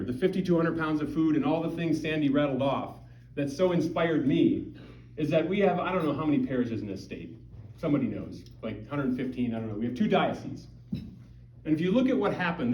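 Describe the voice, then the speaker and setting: A man's voice: a little high, darkish tone. Middle aged montana guy giving a punchy talk at church, lots of rhetorical questions, echoey room, kinda muffled. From Montana, USA. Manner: conversational and emphatic, with many rhetorical questions. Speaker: guest speaker at a parish. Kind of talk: public talk to a church audience. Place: parish hall or church. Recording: dull, roomy, distant hall recording.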